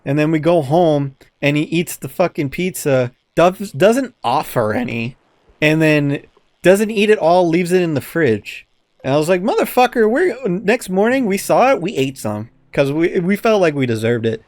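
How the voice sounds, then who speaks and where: A man's voice: fairly high pitch, moderate pace, no room sound. Guy on a podcast telling a story, swears a bunch, acts out what people said, dry close sound. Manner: animated storyteller, acts out quotes, swears often. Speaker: podcast co-host. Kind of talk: casual chat.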